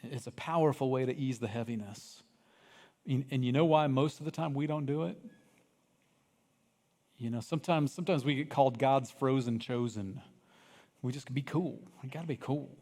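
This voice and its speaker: A man preaching a sermon as pastor, animated, acting out cries from the story and dropping to hushed, earnest tones. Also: medium pitch, moderate pace, pauses often. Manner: animated, acts out voices of people in the story, swings from loud cries to hushed. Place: church sanctuary. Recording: long reverb of a church hall.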